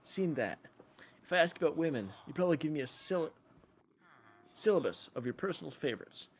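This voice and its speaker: A man reading the lines of an earnest male therapist lecturing a young man, in a steady tone with stumbles. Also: a little high, fairly quick, slightly rough, pitched above the performer's own voice, heavily acted. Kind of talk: casual reading of a film scene.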